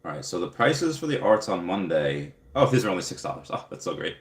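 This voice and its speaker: A young man with a very low voice chats loosely on a livestream, rambling and packing his talk with fillers as he answers viewers. His voice carries a roomy echo off the walls around him. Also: sing-song, fairly quick. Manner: rambling, filler-heavy, upbeat. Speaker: livestream host. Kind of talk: casual live chat reading viewer comments.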